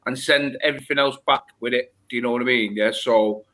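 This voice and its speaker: A man's voice: medium pitch, steady tone, brisk, fairly bright tone. A man chatting casually in a rambling way, repeating himself and calling people mate. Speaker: regular on a reef-keeping livestream. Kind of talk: casual banter.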